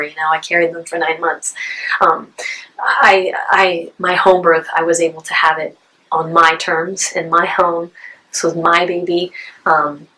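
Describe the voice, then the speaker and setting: A woman's voice: fairly low pitch, low-quality recording. A woman in her thirties telling a personal story to camera in a heartfelt, emotional way. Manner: heartfelt, emotional, with restarts and soft laughs. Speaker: vlogger.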